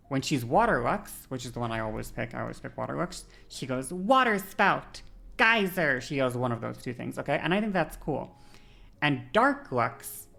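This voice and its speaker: A woman's voice: rumbling low, vocal fry, a bit bright. A woman streamer chatting casually, going off on a long tangent and checking in with "okay?" and "you know?" often. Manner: tangent-prone, frequent fillers and check-ins. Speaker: game streamer. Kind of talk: rambling casual stream chat.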